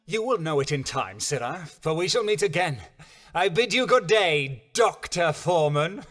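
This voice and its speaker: A man's voice: fairly high pitch, lively intonation, moderate pace, a bit bright, faint music behind. An actor playing a shifty man posing as an Italian merchant in a game, with a fake Italian accent and overblown, old-fashioned speech. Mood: menacing. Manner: overblown Elizabethan speech, sing-song. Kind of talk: game voice acting.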